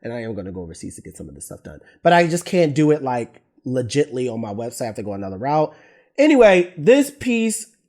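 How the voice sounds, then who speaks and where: A man's voice: a little high, darkish tone. A thirty-year-old man, an artist, talking casually and candidly about his own work, trailing off and restarting and getting emotional. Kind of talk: casual talking-head vlog.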